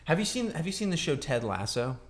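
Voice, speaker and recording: Fairly quick and pitched on the high side, another young man co-hosts the podcast with big swings in his intonation. He chats casually, rambling and leaning on fillers and false starts.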